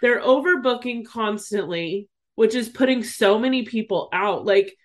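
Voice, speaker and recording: Woman, casual chat, indignant ranting, slightly high pitch. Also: normal speed.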